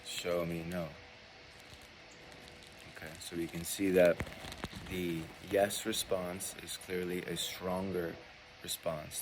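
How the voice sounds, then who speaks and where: Man, very low voice, calm instructional tone, slow and deliberate, repeats phrases, faint background hiss. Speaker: spiritual mentor teaching muscle testing.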